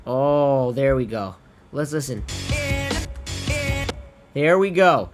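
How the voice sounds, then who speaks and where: A man's voice: medium pitch, lively intonation, slow. A chatty man talks viewers through a screen-recorded tutorial, swearing offhand and calling them his friends. His voice sits mid-range but swings up and down a lot as he explains. Faint music plays in the background. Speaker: music producer teaching vocal tuning.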